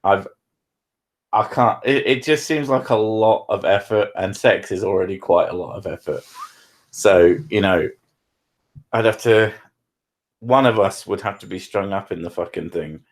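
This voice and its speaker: A southern English man with a low voice, hosting a stream in casual, joking, sweary banter. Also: measured pace, pauses often. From southern England. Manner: swearing, self-mocking, joking. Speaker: streamer, show host.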